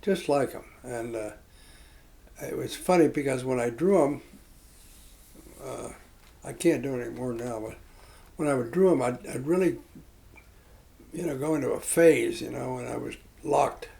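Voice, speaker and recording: Gravelly older man telling stories. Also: medium pitch, warm tone, poor audio. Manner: rambling, halting with fillers and restarts. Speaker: interviewee. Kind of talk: reflective storytelling.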